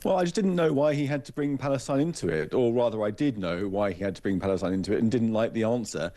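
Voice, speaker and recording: A man who is an author, a guest on a radio interview, speaking in a measured, pointed way with dry scorn. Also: on the low side, dark tone.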